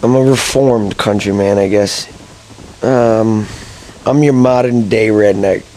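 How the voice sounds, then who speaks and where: A young man from Massachusetts telling a rambling, excitable personal story, full of fillers and chuckles. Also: on the low side, slow, slight background noise, rough recording. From Massachusetts, USA. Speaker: gaming channel storyteller.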